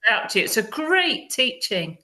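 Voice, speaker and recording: A woman's voice: a little high, sing-song, moderate pace, bright, forceful tone. A woman hosting a group chat on a video call, enthusiastic and affirming. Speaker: host.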